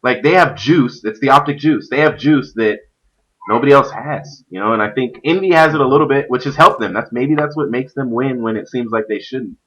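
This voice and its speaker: A man's voice: medium pitch, a little fast, highs cut off. A man hosting a stream, chatting casually about competitive gaming and rambling with lots of fillers. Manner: animated, rambling with many fillers. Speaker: stream host; youth pastor. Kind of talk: casual esports chat.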